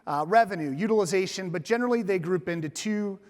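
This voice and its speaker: A man's voice: high voice, quick pace, long reverb tail. A man giving a casual, joking conference keynote on a stage microphone, with many fillers. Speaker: keynote speaker. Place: large conference hall.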